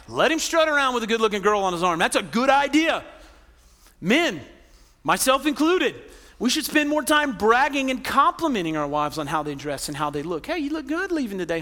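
Pastor, male, high bright voice, chatty sermon with jokes, big reverberant hall. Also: sing-song, moderate pace. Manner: conversational, joking asides, tag questions.

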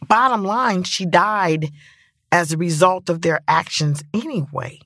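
A woman's voice: fairly low pitch, a little slow, fairly bright tone, no echo, studio quality. A middle-aged woman, a grieving mother turned activist, telling her story in an interview and acting out other people's voices. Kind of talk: personal testimony in interview.

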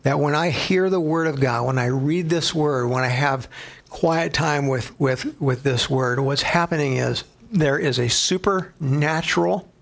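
Male pastor, slightly high and gravelly voice, lively conversational sermon style. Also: measured pace. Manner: animated and conversational, acts out quotes.

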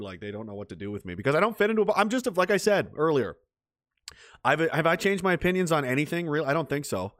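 A man's voice: medium pitch, no room sound, clean studio sound. Profane, rambling man. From Canada. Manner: profane, rambling, heated, with many restarts. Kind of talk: casual ranting monologue.

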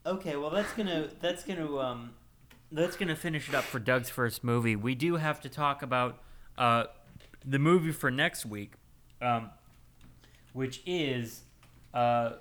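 A man's voice: mid-range voice, measured pace, fairly bright tone. A man hosting a casual movie podcast, rambling along with lots of ums and easy laughter. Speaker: podcast host.

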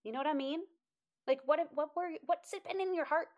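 Brief: woman, slightly higher voice, lively motivational storyteller who acts out her own quotes. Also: brisk, dull audio. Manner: animated, quotes herself in high voices, laughs often. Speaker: inspirational speaker.

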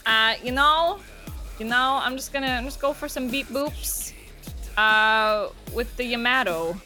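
A woman playing a tabletop game, chatting casually and whooping at her rolls. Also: fairly high pitch. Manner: excitable, whoops and laughs at good rolls. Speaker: player. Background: music.

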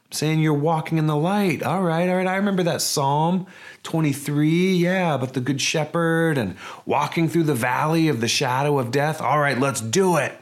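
A man's voice: a little high, moderate pace, voice pushed up, lightly acted. A man voicing a resigned male disciple with sarcastic, offhand bravado while retelling a story in a sermon. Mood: gung-ho.

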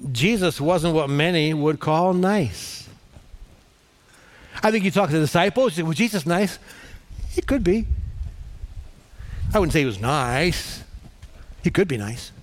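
A middle-aged male pastor preaching a sermon in a conversational, animated storytelling manner. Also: on the high side.

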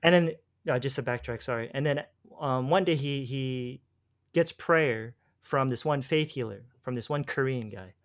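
A guest relaxes into a long personal story about his faith, speaking at a moderate pace in an ordinary middle pitch. He rambles, restarts sentences, and slips in slang like "bro."

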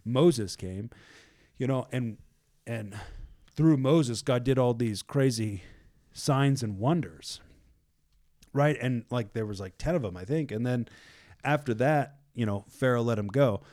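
Guy with a mellow warm voice chatting thru a bible story, loose and animated, tons of fillers. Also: mid-range voice, unhurried. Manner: loose and animated, many fillers like "like" and "you know"; acts out the crowd's panicked voices. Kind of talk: casual faith chat, retelling a Bible story.

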